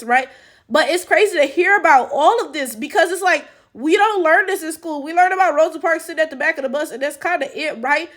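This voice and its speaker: A woman's voice: sits high, a bit bright. A woman giving blunt, profane, incredulous reaction commentary full of rhetorical questions. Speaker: reaction channel host.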